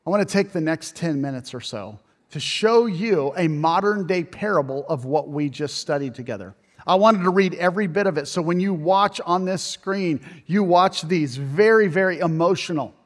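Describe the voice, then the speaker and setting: High-voiced male pastor in a reverberant hall. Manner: preaching with big swings between loud emphasis and hushed intimacy. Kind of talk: sermon.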